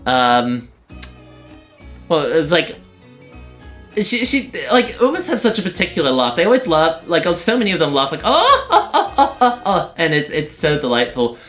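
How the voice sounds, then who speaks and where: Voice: medium pitch, very animated, moderate pace, pauses often, fairly bright tone, soft background music. A streamer casually chatting with viewers while playing a game, rambling and often breaking off mid-sentence. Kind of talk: casual live-stream chat.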